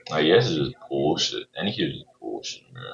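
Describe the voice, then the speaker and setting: A man's voice: a bass voice, sing-song, fairly quick, gravelly, lo-fi sound, slight background noise. A man talking casually while day trading, laid-back and slangy, often saying "bro" and swearing. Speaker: day trader streaming his trades.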